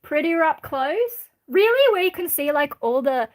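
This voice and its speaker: An Australian woman from Sydney chatting casually on a livestream, reading out viewer comments in a rambling, candid way with many pauses. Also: high-pitched, very animated. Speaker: livestream host.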